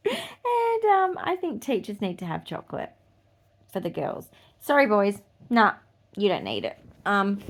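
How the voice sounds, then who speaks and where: This podcast host is an Australian woman in her forties with a medium-pitched, slightly bright voice. She delivers a casual, blunt monologue, swearing freely and laughing between points.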